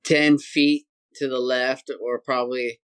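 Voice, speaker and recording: A man, a podcast guest telling a hunting story in a lively, casual way and acting out sounds and voices. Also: medium pitch, a little slow, clean tone. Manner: animated, acts out sounds and voices.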